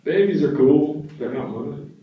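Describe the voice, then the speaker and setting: A young man works a comedy club stage with animated storytelling, his fairly high voice jumping around as he slips into quick impressions of family members. The sound is dull and heard from a distance, with heavy room echo around it. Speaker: stand-up comedian. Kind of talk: stand-up comedy set. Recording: echoey, dull club recording from the back.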